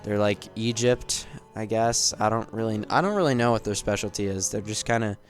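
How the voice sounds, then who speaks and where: Faint music plays behind a man whose voice is fairly low and a little fast. He's a game video essayist offering casual commentary, rambling along, cracking jokes and swearing plenty.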